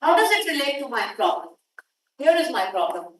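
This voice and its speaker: A woman's voice: high-pitched, very animated, normal speed, a bit bright, slight background noise. A woman with an Indian English accent giving an academic workshop lecture, emphatic and putting questions straight to the audience. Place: conference hall. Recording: echoey hall, distant mic.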